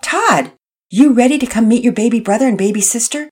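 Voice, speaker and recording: Woman reading a cheerful patient dad, husky voice, storybook. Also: on the high side, fairly quick, a little mellow, pitched above the performer's own voice. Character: warm, cheerful father, middle-aged man.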